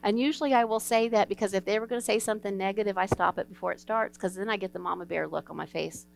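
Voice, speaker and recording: A woman pastor delivers an evening sermon in a church, her voice smooth and clear, at an ordinary middle pitch. She tells stories in an earnest, folksy way and acts out the voices of the people in them. A faint electrical hum sits under the recording. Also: quick pace. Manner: earnest, folksy storytelling, acts out quoted dialogue. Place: church sanctuary.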